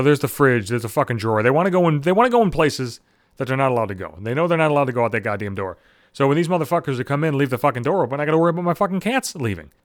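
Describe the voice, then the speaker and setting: A man's voice: medium pitch, no echo, clean studio sound. A man hosting a podcast, telling a story as an angry, sarcastic rant, swearing constantly and acting out both sides of each exchange. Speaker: podcast host. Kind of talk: profane comedic rant.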